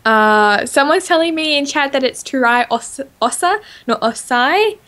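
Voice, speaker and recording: Aussie woman rambling happily on a gaming podcast, kinda high voice. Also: unhurried. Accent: Australian. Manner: chatty and excitable, explains game lore with many fillers. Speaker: podcast co-host. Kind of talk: casual podcast chat.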